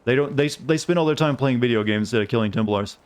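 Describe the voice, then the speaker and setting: Mild Southern American streamer, rambling. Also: male voice, medium pitch, fast talker, clean tone. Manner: rambling, self-deprecating. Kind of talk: casual gaming stream chat.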